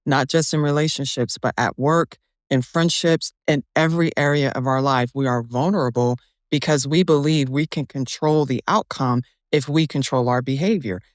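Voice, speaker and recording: A woman's voice: a bass voice, moderate pace, no room sound, clean studio sound. Emphatic woman explaining hard lessons. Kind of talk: candid podcast conversation.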